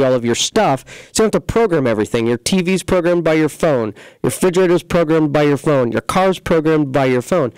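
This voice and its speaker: Folksy man with a smooth, dry voice. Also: on the high side, a little mellow, dry recording, poor audio. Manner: rambling, filler-heavy, folksy sales talk. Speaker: computer repair shop host. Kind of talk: casual local radio-style talk show. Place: studio.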